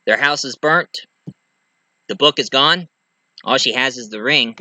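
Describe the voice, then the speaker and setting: A man's voice: mid-range voice, a little slow, bright, forceful tone, no echo. A man casually retelling a movie plot as a reviewer, rambling and chatty, with loose grammar and many fillers.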